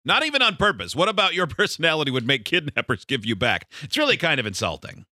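Guy hosting a comedy radio show, super bright voice, dry close mic, teasing tone. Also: a little high, very animated, quick pace, no room sound. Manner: reads listener texts aloud, teasing. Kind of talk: casual comedic banter.

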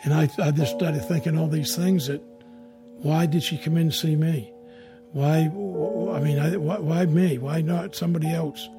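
A man telling a first-person ghost story in a rambling, halting way, full of restarts and repeated words. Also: a little high, steady tone, over music.

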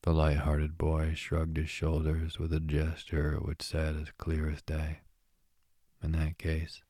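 A man reads a classic novel as a bedtime story, in a very low voice that barely rises or falls. He takes it slowly, and his tone is dark and husky. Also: no echo, clean studio sound. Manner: slow, soft, even reading. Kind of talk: calm bedtime story reading.

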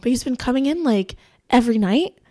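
A woman's voice: fairly high pitch, lively intonation, fairly quick, dark tone. A young woman from New City, a guest in a casual studio interview, chatty and often laughing as she acts out quoted lines. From New York City. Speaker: interview guest, dancer and musician. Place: recording studio.

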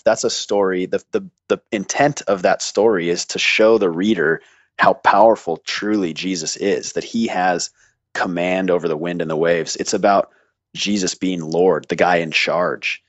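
A man with a very deep voice talks through theology in a relaxed, thoughtful way, hedging his points and dropping in a dry joke now and then. The recording is dry and a little dull, with no room sound. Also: normal speed, dry recording. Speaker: guest, seminary graduate. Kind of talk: casual conversational explanation.

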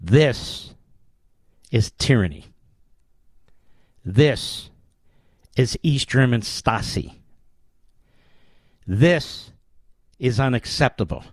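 A man's voice: mid-range voice, animated, extremely slow, pauses often, breathy edge, no echo. A man hosting a political talk show, delivering an emphatic, declamatory commentary monologue with lots of rhetorical repetition.

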